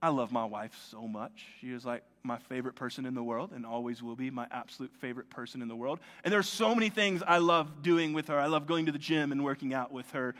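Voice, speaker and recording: A man preaching as pastor, animated and acting out quoted lines in shifting voices. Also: medium pitch, fast, hardly any pauses, in a large hall. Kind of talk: sermon.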